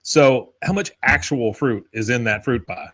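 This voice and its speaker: On a casual podcast, a male co-host recaps episode scenes and reads out quoted lines with chuckles. His voice is medium-pitched and a bit bright, at a measured pace.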